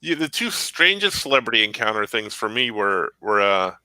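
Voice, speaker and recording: A man's voice: on the low side, sing-song, moderate pace, sharp tone, dry recording, poor audio. A man co-hosting a podcast, telling a long rambling story in casual chat. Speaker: podcast co-host.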